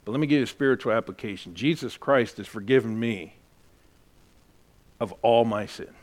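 A man's voice: medium pitch, moderate pace. A man preaching a sermon as a pastor, earnest and emphatic as he tells a personal story.

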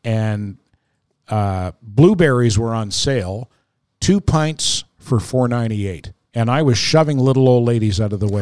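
A man's voice: medium pitch, a little slow, a crowd in the background. A middle-aged man, co-hosting a podcast in casual chat and telling stories with acted-out quotes. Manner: animated storyteller, acts out quoted voices. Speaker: podcast co-host.

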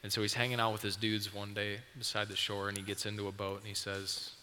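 A man preaches a sermon, retelling a story to his listeners with vivid detail. His voice is low with a bright edge. It rings with a long hall reverb over a faint background hiss. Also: completely flat delivery, fast talker. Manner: vivid storytelling, speaking to the audience.

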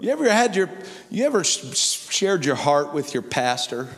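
A man's voice: a little high, very animated, moderate pace. A man preaching a sermon, telling a personal testimony with fervent delivery. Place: church hall. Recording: long reverb of a large hall.

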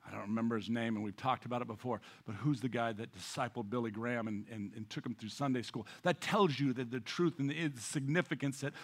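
A man preaching a sermon as pastor, swinging between loud emphasis and hushed, near-whispered passages, often repeating words as he restarts a phrase. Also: medium pitch, fairly even intonation, quick pace, few pauses.

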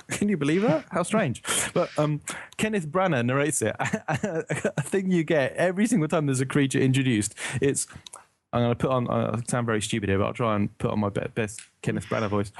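A man's voice: medium pitch, fairly quick, gravelly. A man from the UK in casual podcast chat, rambling and searching for words, laughing often.

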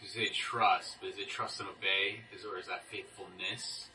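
Low-voiced man asking probing questions. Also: flat delivery, moderate pace, sharp tone, a little hiss or hum. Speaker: group member asking questions. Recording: distant mic, faint room ambience.

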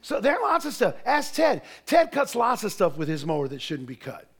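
A middle-aged man, preaching in church with folksy joking stories that build to shouted preaching. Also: high voice, huge pitch swings, fairly quick, slightly rough. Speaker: pastor. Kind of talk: sermon.

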